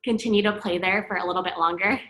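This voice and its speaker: A woman teaching a live online yoga class, cueing breaths and poses in a calm, paced way while out of breath. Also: medium pitch, quick pace. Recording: echoey room from far off.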